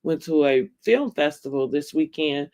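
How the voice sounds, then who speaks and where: A woman's voice: low voice, animated, normal speed, a little mellow. A woman vlogger giving a casual, opinionated recap of a TV episode, talking straight to her viewers and laughing often.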